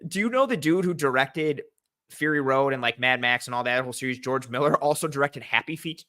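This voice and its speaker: A young man guesting on a podcast, telling stories and rattling off trivia in an animated, joking way. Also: medium pitch, a little fast. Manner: animated storyteller, rattles off facts, jokey. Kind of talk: casual chat.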